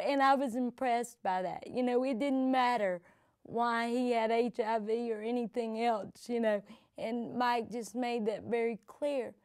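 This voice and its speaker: Middle-aged woman, oral-history interviewee, smooth clear voice, slightly high, rambling anecdotal delivery. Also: darkish tone, no room sound, clean studio sound. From American South. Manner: conversational storytelling with many restarts and "you know". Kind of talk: personal storytelling interview.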